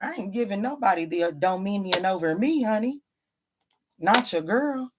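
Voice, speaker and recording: A woman tarot reader with a mid-range voice and lively intonation chats casually on a live stream at normal speed, with background noise behind her. She's blunt and profane, calls viewers baby and honey, and emphatically repeats lines to stress her points.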